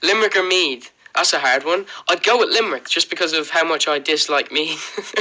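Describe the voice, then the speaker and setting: Bright-voiced Irish lad chatting to viewers. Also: male voice, fairly high pitch, expressive, moderate pace, rough recording. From Ireland. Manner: chatty, rambling, frequent "um" and "like", laughs often. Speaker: livestream host. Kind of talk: casual livestream Q&A, reading out viewer comments.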